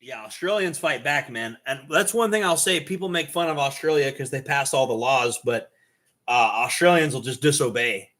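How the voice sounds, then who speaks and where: Sex: man. Role: host. Style: casual monologue. Pitch: mid-range. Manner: rambling, restarting often. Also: normal speed, a bit bright. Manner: rambling, many fillers and restarts, laughs at own jokes.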